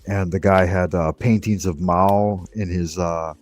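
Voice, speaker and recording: A man hosting a casual live stream, telling relaxed stories and swearing casually. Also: low-pitched, measured pace. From United States. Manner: laid-back storyteller, swears casually. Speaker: stream host. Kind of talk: casual chat.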